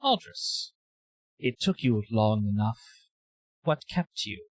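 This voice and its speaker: A man voicing an eerie, faceless male alien entity who speaks in slow, cryptic phrases. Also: lowish voice, big pitch swings, dry recording, full character voice.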